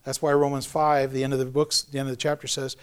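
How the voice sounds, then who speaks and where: A middle-aged man preaching a sermon in a conversational, joking way, with self-deprecating asides and animated storytelling. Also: medium pitch, fast, clean tone. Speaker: pastor.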